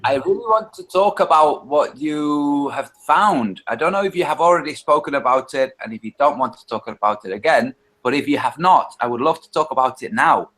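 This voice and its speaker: A man's voice: medium pitch, expressive, brisk, hardly any pauses, a bit bright, rough recording. A man joining an online group call, polite and eager to talk. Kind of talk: casual group call chat.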